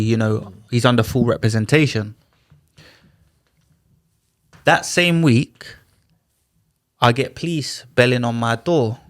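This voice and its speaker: A man's voice: medium pitch, no echo. Slangy man, dry close sound. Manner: animated, slangy retelling with acted-out dialogue. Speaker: podcast guest. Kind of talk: casual storytelling. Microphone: studio podcast mic.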